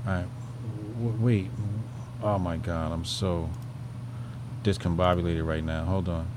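A man's voice: sits low, fairly even intonation, measured pace, noisy background. A man hosting a commentary show, talking in a loose, rambling way, swearing freely and trailing off into fillers. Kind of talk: casual profane commentary.

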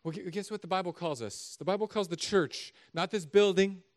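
A middle-aged man, a pastor, preaching a sermon in an animated, conversational, joking way. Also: high voice, a little fast.

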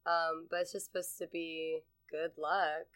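A woman's voice: sits low, little pitch movement, a little slow, a bit bright, a little hiss or hum. A young woman co-hosting a casual podcast chat, rambling and swearing freely with frequent laughs. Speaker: podcast co-host.

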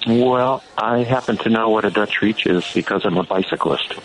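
A man with a lowish voice comes through a phone line as a call-in listener. He explains things in a measured, unhurried way. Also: fairly bright tone, soft background music. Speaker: caller.

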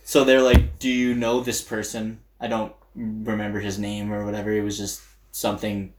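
A young man tells a story in casual chat, jumping between his own voice and the lines of the people in it. His voice is mid-pitched and sits in a roomy, echoey space. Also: moderate pace. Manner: animated storytelling, acting out quotes, frequent laughter. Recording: roomy echo.

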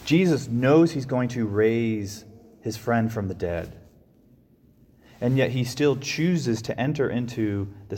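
A man's voice: lowish voice, a little mellow, breathy edge, long reverb tail. A man giving a reflective sermon, often restarting and repeating his phrases. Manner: reflective, with frequent restarts and repetitions. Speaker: preacher.

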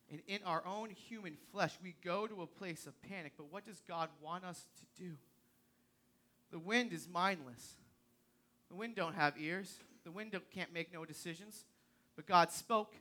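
Woman preacher, high voice, casual slang, jumps from shouting to near whispers. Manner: swings between loud emphatic preaching and hushed quiet. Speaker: youth preacher. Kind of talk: sermon.

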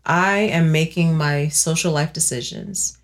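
Lively woman in her thirties chatting. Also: low voice, unhurried. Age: 30s. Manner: animated, acts out her own quoted thoughts in playful voices. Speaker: podcast co-host. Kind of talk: casual chat.

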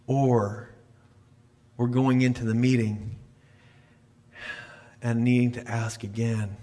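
A male pastor preaching a conversational sermon in a church. He tells stories in a folksy way, often restarts or repeats phrases, and clears his throat often. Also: mid-range voice, flat delivery, measured pace, pauses often, dark tone. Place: church sanctuary.

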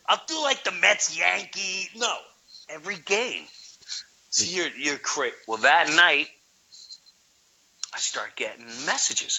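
Excitable New man telling a story. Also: high-pitched, slow pace, gravelly, pauses often, slightly rough, rough recording. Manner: excitable, acts out his own shouting. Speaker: guest, baseball fan video maker. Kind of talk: animated storytelling in an interview.

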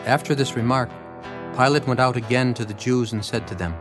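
A man reading a scripture passage aloud in an even, measured way. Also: medium pitch. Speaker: scripture narrator. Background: faint guitar music.

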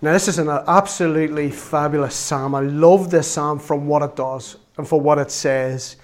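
Lay preacher, man, relaxed chatty church sermon, slightly high voice. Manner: conversational and self-deprecating, reads scripture slowly and loudly.

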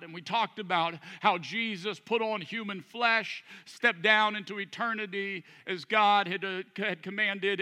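A man's voice: high-pitched, big-room sound. A man pastor preaching a sermon in a church room before a congregation, praying, reading scripture and joking as he goes. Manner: animated, jokey preaching with prayer and scripture reading.

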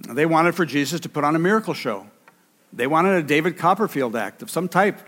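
A man's voice: a little high, animated, fairly quick, a bit bright. A man preaching a sermon with emphasis, repeating key phrases for weight. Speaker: pastor. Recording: reverberant hall.

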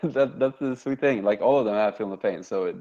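A man co-hosting a casual hobby podcast, relaxed and swearing a lot, with plenty of fillers. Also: lowish voice, a little fast, muffled recording. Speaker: podcast co-host.

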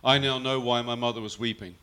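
A man's voice: mid-range voice, fairly even intonation, brisk, sharp tone, clean tone. A man telling a personal faith story earnestly, often quoting his mother's words. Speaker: guest telling his testimony.

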